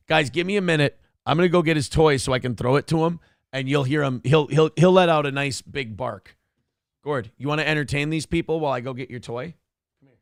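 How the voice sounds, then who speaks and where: A man's voice: a little high, a little fast, gravelly, no room sound, clean studio sound. A man hosting a casual live stream from home, chatting loosely, swearing freely and coaxing his dog with commands. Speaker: live-stream show host.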